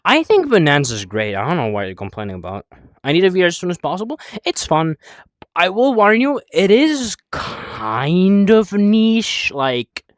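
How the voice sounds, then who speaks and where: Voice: medium pitch, dry recording, clean studio sound. A young adult streamer chatting casually while playing a VR game, rambling, swearing and answering chat, a bit out of breath.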